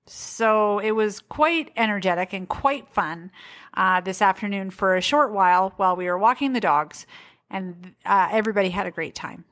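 A woman co-hosting a podcast, speaking in an unhurried, even way. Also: mid-range voice. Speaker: podcast co-host. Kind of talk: casual chat and reading a list of names.

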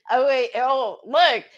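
Giggly high-voiced woman reading comments. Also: muffled recording. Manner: giggly, laughs often while reading comments aloud. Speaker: co-host of a cooking livestream. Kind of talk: casual chat reading viewer comments.

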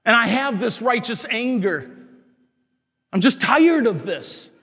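A male priest with a high voice, preaching with fiery, scolding emphasis. His words ring out with a long reverb through the church, as if from the pulpit. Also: lively intonation, takes it slowly, fairly bright tone, husky. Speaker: Catholic parish priest. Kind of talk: sermon.

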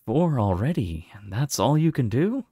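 A man's voice: mid-range voice, very animated, mellow, slightly rough, no echo, studio quality. Man doing a mysterious dragon's teasing voice. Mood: musing. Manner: slow, teasing and musing. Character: mysterious telepathic dragon, amused and curious.

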